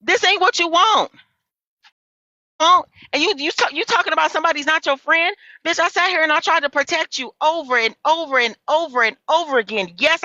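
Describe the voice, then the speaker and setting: A woman's voice: high-pitched, sharp tone, dry recording, lo-fi sound. A woman venting in heated casual livestream chat, profane and repeating herself as she talks.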